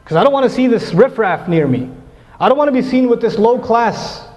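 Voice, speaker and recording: A haughty rich man looks down on the poor, speaking fast and dismissively, as a preacher acts him out. His voice sits fairly high. A long hall echo trails behind it in a muffled recording. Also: very animated, a little mellow. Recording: echoey hall, dull lo-fi sound.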